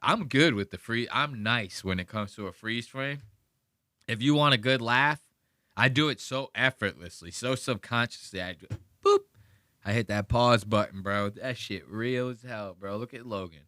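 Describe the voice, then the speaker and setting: Profane, animated male podcast host. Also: medium pitch, moderate pace, no echo, clean studio sound. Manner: profane, animated storytelling, mimics voices. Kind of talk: casual reaction commentary.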